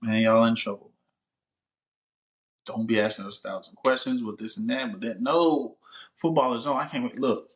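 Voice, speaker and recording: A man hosting a casual vlog, joking around in loose, laid-back slang. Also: lowish voice. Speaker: vlog host. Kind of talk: casual chat to camera.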